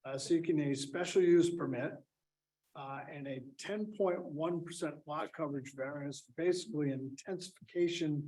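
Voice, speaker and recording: A man's voice: fairly high pitch, a little mellow, rough recording. Man chairing a town board meeting. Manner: reads agenda items, calls on members.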